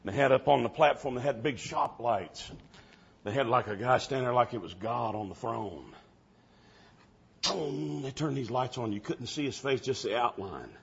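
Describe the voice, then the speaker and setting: Preacher, hushed to shouting. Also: male voice, mid-range voice, moderate pace, vocal fry, breathy edge, dull audio. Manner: animated, swings from hushed to shouting. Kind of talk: sermon storytelling.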